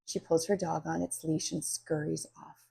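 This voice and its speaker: A woman reading a children's story aloud in an expressive, animated way. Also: low voice, moderate pace, vocal fry, breathy edge. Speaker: children's book reader. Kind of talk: storybook read-aloud narration.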